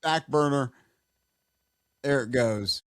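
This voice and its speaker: Casual podcast chat from a male co-host whose stories wander and stall, with plenty of restarts. He has a smooth, mid-range voice with a fairly bright tone, recorded cleanly in a studio with no room sound.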